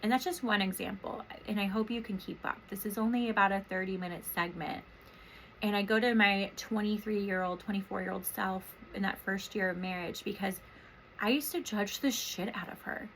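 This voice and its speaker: Woman in her thirties, therapist, reflective monologue, soft and emotional, rambling with fillers, middle pitch, faint background hiss. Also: fairly even intonation, moderate pace, rough recording. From Washington State, US. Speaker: therapist and podcast host.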